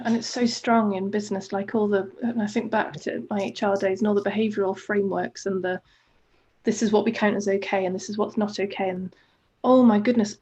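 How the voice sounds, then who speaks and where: A woman's voice: mid-range voice, darkish tone, husky, dull audio. A woman co-hosting a coaching podcast, talking in a casual, enthusiastic, rambling way with many "like" fillers. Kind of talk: casual reflective conversation.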